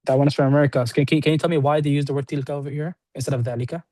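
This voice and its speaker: Fast-talking male Arabic teacher. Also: on the high side, steady tone, mellow. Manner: quick, repetitive explaining with many checks like "right?". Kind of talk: classroom lesson. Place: classroom with students on-site and online.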